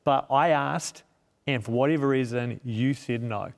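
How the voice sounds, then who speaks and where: A man with a gravelly, creaky voice tells a heartfelt personal story as a guest, voicing his own thoughts as he goes. His voice rings with a long hall-like reverb. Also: mid-range voice, a little slow. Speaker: guest, media missionary. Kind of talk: personal testimony in a sit-down interview.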